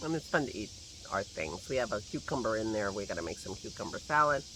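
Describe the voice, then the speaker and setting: Out in his garden, a vlogger holds his phone at arm's length and chats casually, rambling along and laughing to himself, with a slight cough that lingers. He's a fast talker with a lowish voice, lively intonation, and a sharp tone, and the recording carries a little hiss or hum.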